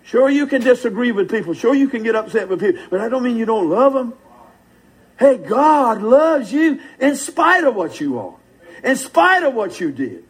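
A man's voice: very high voice, very animated, normal speed, slightly rough, rough recording. An older man preaching a sermon in a fervent, folksy way, calling out to the congregation.

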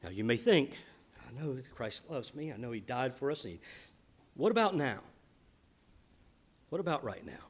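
A man preaching a sermon as pastor, earnest and emphatic, moving between quiet reflection and loud, stressed declarations. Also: medium pitch, sing-song, normal speed, pauses often, breathy edge.

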